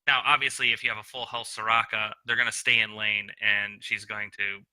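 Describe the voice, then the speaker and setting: A man's voice: on the low side, flat delivery, brisk, bright, forceful tone, low-quality recording. A man co-hosting a gaming podcast, explaining tactics in a laid-back way with some swearing. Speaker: podcast co-host. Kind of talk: casual gaming podcast talk.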